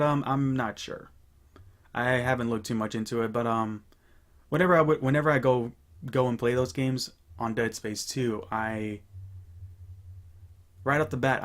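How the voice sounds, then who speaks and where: Rambling young man chatting casually. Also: medium pitch. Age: young adult. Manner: rambling, relaxed, many fillers and restarts. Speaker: gaming channel host. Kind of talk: casual chat.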